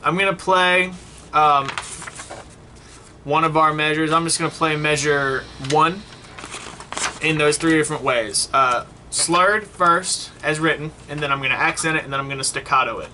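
A man's voice: fairly high pitch, normal speed, bright, forceful tone, slight background noise. A man teaching a saxophone lesson, explaining step by step and often checking in with "okay?" and "right?". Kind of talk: online music lesson.

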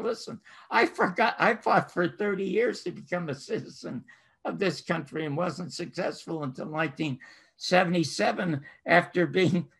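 A man's voice: high-pitched, creaky, a bit bright, husky. An older man interviews his guest with effusive, emphatic enthusiasm. He winds through long, rambling questions in a slightly raised voice. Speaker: host. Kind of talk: talk show interview.

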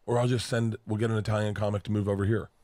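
A man's voice: fairly low pitch, level tone, racing, dark tone, no room sound. A man in casual podcast chat, loose and joking. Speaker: podcast host.

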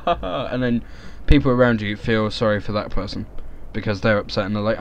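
A man's voice: lowish voice, fairly quick, few pauses, dull audio, a little hiss or hum. A young man giving crude, rambling let's-play commentary. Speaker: gaming YouTuber.

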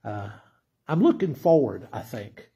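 A man's voice: medium pitch, big pitch swings, unhurried, mellow, husky. A middle-aged man giving a conversational Bible teaching sermon, often asking his listeners questions. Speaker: pastor.

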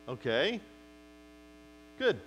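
A man's voice: on the high side, extremely slow, slight background noise, low-quality recording. A male pastor preaching a sermon, acting out quotes from his listeners and talking straight to them. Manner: animated preaching with acted-out quotes.

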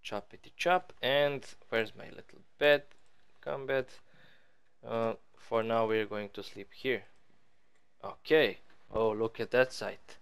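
A man's voice: medium pitch, fairly even intonation, slow, smooth. A man giving casual, rambling let's-play commentary as he builds in a game, joking at his own expense. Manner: rambling, playful, self-mocking. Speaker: gaming channel host.

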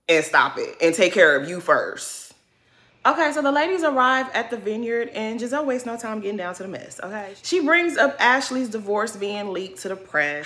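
A woman's voice: mid-range voice, pushed and bright. A woman giving casual, blunt commentary on a reality TV episode, talking straight to her viewers. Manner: sassy, blunt, addresses viewers as girl. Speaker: reality TV recap vlogger.

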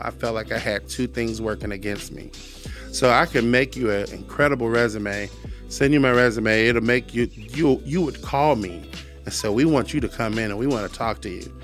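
A man's voice: mid-range voice, fairly bright tone. A man sharing his personal testimony as a podcast guest. He speaks earnestly, repeats phrases for emphasis and quotes scripture like a preacher.

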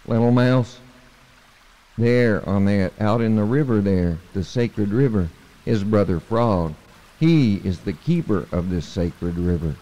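A man's voice: lowish voice, measured pace, close to an everyday voice. Man doing a kindly, helpful raccoon. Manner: gentle and encouraging. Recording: long hall reverb.

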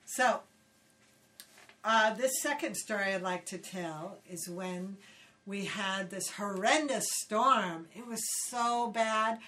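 An older woman from Hawaii, casually telling animated stories in an interview and acting out quoted voices. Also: medium pitch, slow. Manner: animated, acts out quotes loudly, laughs often. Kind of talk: casual storytelling. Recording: voice somewhat distant from the mic.

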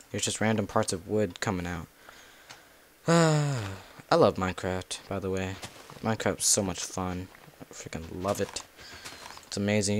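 A man's voice: deep voice, slight background noise. A man giving casual, rambling commentary while playing a video game, talking to himself and cussing at the monsters. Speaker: gameplay video creator.

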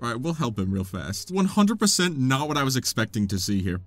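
A young man giving excitable let's play commentary, laughing often and talking back to the game characters. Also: mid-range voice, fairly quick, faint music behind. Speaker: gaming video creator.

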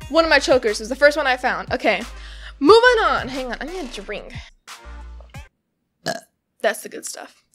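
A woman's voice: sits high, fairly bright tone. Bubbly, giggly woman reading a comic. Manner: rambling with many fillers. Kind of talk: comic reading with casual reactions.

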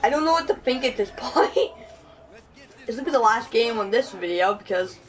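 A woman's voice: on the high side, expressive, moderate pace, recorded from a distance, soft background music, poor audio. Giggly young woman gaming. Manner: giggly, laughs often, swears while playing. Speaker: gaming channel host. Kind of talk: casual gameplay commentary.

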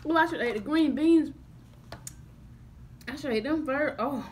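A woman's voice: sits high, a little slow, darkish tone, a little hiss or hum. A young woman vlogging casually to camera, groaning and gagging with exaggerated disgust. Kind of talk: casual vlog chat to camera.

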